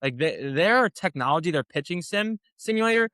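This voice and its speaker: A man with a bright, forceful voice riffing on sports as a podcast host, slightly high for a man. He rambles with restless passion, swears freely and leans on filler words. The sound is dry and close. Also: lively intonation, normal speed, no room sound. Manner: passionate, rambling, profane, lots of "like". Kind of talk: casual sports commentary.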